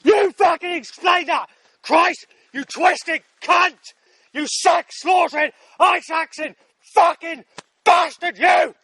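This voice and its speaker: A man in a furious shouting rant, swearing and hurling abuse. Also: very high-pitched, slow pace, dry recording.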